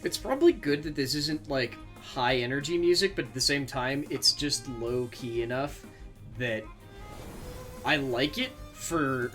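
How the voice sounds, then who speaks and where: A man's voice: mid-range voice, pushed and bright. A man streaming a video game, chatting casually as he plays, rambling and swearing freely with self-mocking asides. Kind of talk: casual gameplay commentary.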